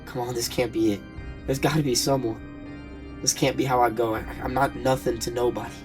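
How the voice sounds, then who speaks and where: A man's voice: mid-range voice, flat delivery, a little fast, over music, voice pushed up, close to an everyday voice. A man voicing a frightened lost man who calls out, afraid of dying. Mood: panicked. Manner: pleading, panicked calling out.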